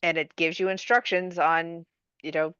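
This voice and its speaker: A woman's voice: lowish voice, flat delivery, normal speed, fairly bright tone, clean tone, no echo, lo-fi sound. A woman co-hosting a podcast, chatting casually and explaining things she is reading. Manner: explaining, reading details aloud. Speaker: podcast co-host. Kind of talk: casual conversation.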